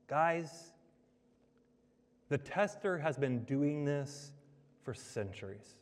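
Preaching with emphasis, this man keeps posing rhetorical questions to the congregation in a sermon. The large hall gives his fairly high-pitched voice a long, lingering echo.

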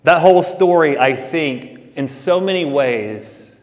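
Male pastor, slightly high voice, conversational sermon delivery, long hall reverb. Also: animated, slow pace. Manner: conversational preaching with asides.

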